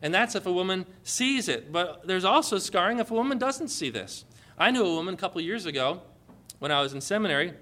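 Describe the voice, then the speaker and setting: A man preaching a sermon with passion, building to emphatic, forceful proclamations. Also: high-pitched, expressive, brisk.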